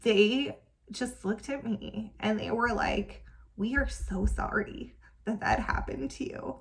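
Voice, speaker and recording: Her voice fairly high, creaky, and unhurried, a young woman who vlogs about parenting recounts something personal. She grows emotional and at times tearful, leaning heavily on fillers such as "um" and "like."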